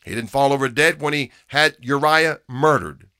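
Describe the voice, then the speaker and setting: A man preaching a sermon with emphasis, repeating key phrases and dropping from loud to hushed. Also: medium pitch, moderate pace, smooth, no room sound, clean studio sound.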